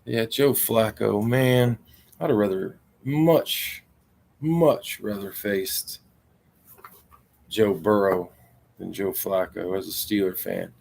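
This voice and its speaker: A man's voice: on the low side, takes it slowly, creaky, long pauses, darkish tone. A man hosting a casual stream, reading out names for a football squares board and grumbling when his tablet loses his numbers. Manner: grumbling, frustrated, muttering to himself. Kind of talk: casual live-stream chat.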